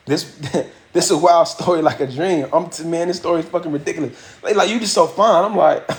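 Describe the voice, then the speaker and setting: A man hosting a livestream, telling a story casually and animatedly, full of profanity and acted-out quotes. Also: fairly high pitch. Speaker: livestream host. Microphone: phone or webcam mic.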